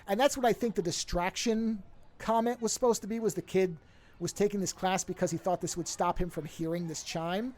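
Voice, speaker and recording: He speaks fairly quickly in a high-pitched, somewhat mellow voice that keeps a steady tone. The man is co-hosting a podcast, casually recounting a film's plot, rambling and correcting himself as he goes.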